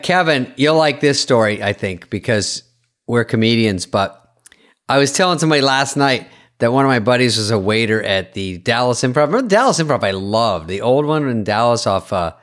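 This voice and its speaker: A man's voice: medium pitch, normal speed. A man co-hosting a podcast, animatedly telling comedy stories in casual chat. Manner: animated storyteller, acts out voices. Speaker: podcast co-host.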